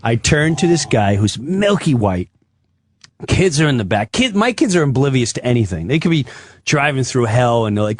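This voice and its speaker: A man's voice: mid-range voice, moderate pace, no room sound. A man telling a comic story in a studio, acting out voices as he goes. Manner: animated, acts out voices in quotes. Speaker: guest comedian.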